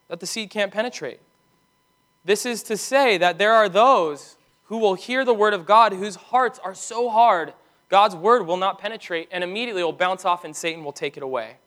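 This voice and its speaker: Man, pastor, high voice, emphatic sermon delivery. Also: fairly bright tone. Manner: earnest, emphatic preaching with slowed, stressed commands.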